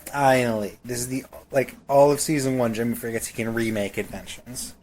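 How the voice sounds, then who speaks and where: A man's voice: mid-range voice, fairly even intonation, a little fast, a little mellow, a little hiss or hum. A man co-hosting a podcast, ranting sarcastically about a cartoon with lots of swearing and stammered restarts. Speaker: podcast co-host. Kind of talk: casual episode recap chat.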